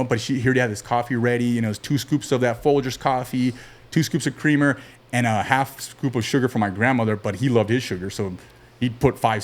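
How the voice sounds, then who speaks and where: A man guest on a podcast, telling stories from his childhood in a relaxed, rambling way, with many fillers and restarts. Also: mid-range voice. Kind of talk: casual storytelling interview.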